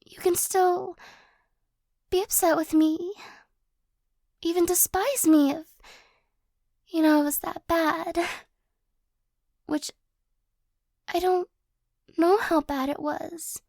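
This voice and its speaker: A woman in an ASMR role-play voicing a remorseful young ex-girlfriend who apologizes in a hesitant, halting way with nervous little laughs. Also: extremely high pitch, fairly even intonation, a little mellow, no echo, full character voice. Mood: apologetic.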